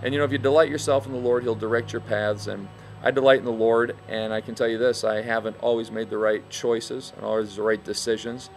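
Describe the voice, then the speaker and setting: A man's voice: mid-range voice, steady tone, fairly quick, creaky, hardly any pauses, faint music behind. A middle-aged man, a minister, tells a folksy story as a casual devotional talk, full of "you know" fillers, from a bed and breakfast.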